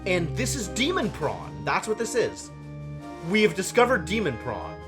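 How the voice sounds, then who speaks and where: A man streaming a game live, puzzling aloud in an animated, exclaiming way on a desk microphone. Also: high voice, normal speed, over music.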